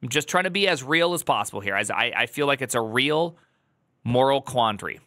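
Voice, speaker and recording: Male streamer, casual reaction chat, bright tone, rambling delivery. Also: medium pitch, animated, brisk, dry recording, clean studio sound. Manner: rambling, restarts, loud joking asides.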